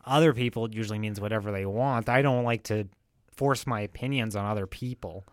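A man's voice: lowish voice, a little fast, no room sound, clean studio sound, pitched below the performer's own voice, lightly acted. A man voicing a touchy, evasive vlogger whose put-on accent keeps wavering. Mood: deadpan. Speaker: comedy sketch character.

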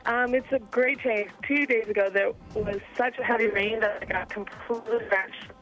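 A woman's voice: on the high side, steady tone, normal speed, a bit bright, muffled recording, faint music behind. A woman calling in to a radio show, friendly and hesitant, with lots of ums. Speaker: phone-in correspondent. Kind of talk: phone call on radio.

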